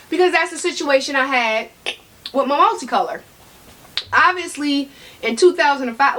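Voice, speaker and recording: High-voiced chatty woman vlogger. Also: moderate pace, long pauses, pushed and bright. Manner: chatty, tangent-prone, talks to viewers directly; emphatic repeats for stress. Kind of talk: casual talk to camera.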